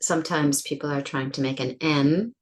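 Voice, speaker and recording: A woman teaching English pronunciation, speaking slowly and deliberately and exaggerating sounds to demonstrate them. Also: low-pitched, fairly even intonation. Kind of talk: explanatory pronunciation lesson.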